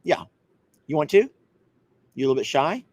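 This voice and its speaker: A man's voice: on the high side, very animated, normal speed, a little mellow. A man hosting a casual coffee chat, playful and teasing, laughing often. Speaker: host.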